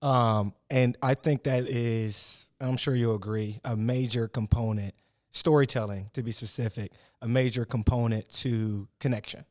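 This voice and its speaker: A man's voice: medium pitch, fairly even intonation, a little slow, darkish tone. A man hosting a podcast interview, a coach, asking long rambling questions and laughing along. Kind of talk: casual interview.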